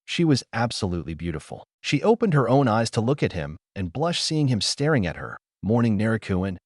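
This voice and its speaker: Male narrator, steady story reading, dry close mic, lively intonation. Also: mid-range voice, brisk, no echo. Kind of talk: fan fiction reading.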